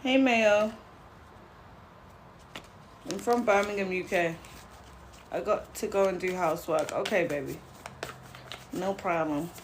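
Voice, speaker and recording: A woman's voice: on the low side, slow, pauses often, a little hiss or hum. A young woman hosting a casual live stream as a tarot reader, greeting viewers by name, laughing often and talking bluntly.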